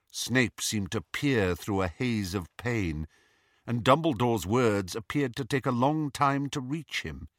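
A man narrating an audiobook in an even, unhurried storytelling manner. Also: medium pitch, dry recording, clean studio sound. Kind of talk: scripted narration.

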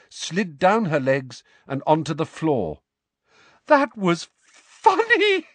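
A man narrating a storybook, expressive and shifting voices for the characters. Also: mid-range voice, no echo. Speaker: audiobook narrator.

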